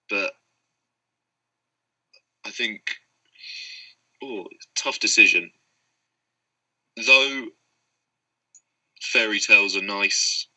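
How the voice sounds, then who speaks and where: A man's voice: low voice, bright, forceful tone, low-quality recording. A man hosting a casual sports podcast, moderating a debate and laughing often. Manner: laughs often, loose and joking. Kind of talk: casual chat.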